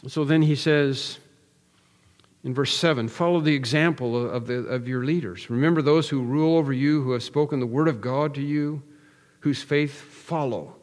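A man's voice: mid-range voice, normal speed, big-room sound. A man preaching an expository sermon, earnest and emphatic, building through repeated phrases with frequent restarts. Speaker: pastor.

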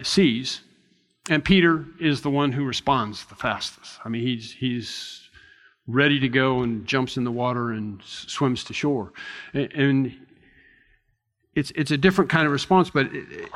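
Conversational male preacher, fairly high voice. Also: a bit bright, long reverb tail. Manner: conversational, reflective, with frequent restarts and asides. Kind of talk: expository sermon.

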